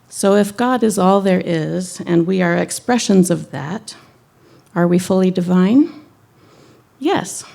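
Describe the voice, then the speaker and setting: A woman minister giving a sermon in a conversational, gently wry way. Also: fairly low pitch, vocal fry.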